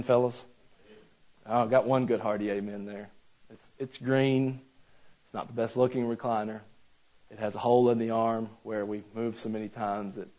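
A man's voice: lowish voice, darkish tone. A man preaching a sermon in a folksy, conversational way, talking straight to his congregation. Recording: slightly dull lo-fi sound.

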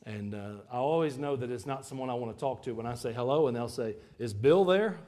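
A man's voice: mid-range voice, fairly even intonation, quick pace, warm tone. Guy preaching a sermon in church, chatty, cracks jokes, trips over his words and repeats them. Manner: conversational with joking asides. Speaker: pastor. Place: church service before a congregation.

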